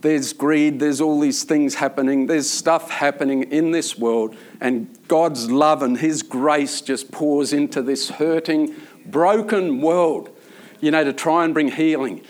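Prison chaplain, male, a little high-voiced, earnest and rambling in an informal faith talk. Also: fairly even intonation, unhurried. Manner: earnest, rambling storyteller with many fillers.

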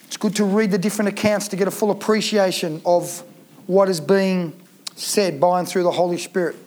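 A man with a notably high-pitched voice preaches a Bible teaching sermon. He reads scripture aloud, then unpacks it in plain, conversational words, slowing down to weigh the key phrases. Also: fairly even intonation, darkish tone.

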